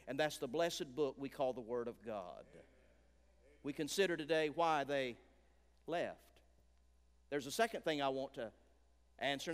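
High-voiced preacher in a reverberant church. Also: male voice, smooth. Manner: emphatic preaching with dramatic drops to a hush. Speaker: guest preacher. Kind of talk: revival sermon. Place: large church sanctuary.

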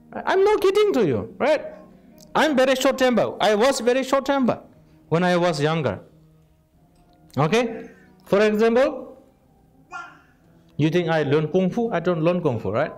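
A man with non-native English giving an informal Buddhist teaching, lively and direct, checking in often with the audience. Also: extremely high pitch, unhurried, pauses often, faint music behind. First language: Tibetan. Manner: animated, asks "right?" constantly, non-native phrasing. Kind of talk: informal dharma talk.

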